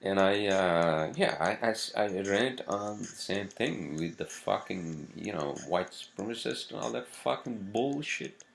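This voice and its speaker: A man's voice: lowish voice, gravelly, slight background noise. A man hosting a casual vlog, ranting profanely and rambling with many fillers. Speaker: vlog host.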